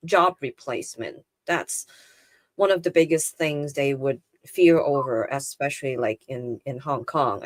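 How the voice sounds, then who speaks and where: A woman speaking as an interview guest, thoughtful and measured, with frequent fillers. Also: low voice, dry recording. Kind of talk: casual conversational interview.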